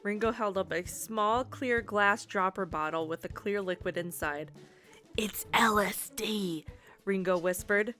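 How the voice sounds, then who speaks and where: A woman reading a comic story aloud to friends, giggling and slipping into quick character voices. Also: mid-range voice, a bit bright.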